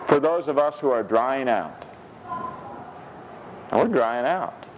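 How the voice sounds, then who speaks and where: Animated laughing preacher man, slow delivery. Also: muffled recording, a little hiss or hum. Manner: animated, laughing often, high-pitched mock voices for scripture quotes. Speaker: pastor. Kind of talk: sermon.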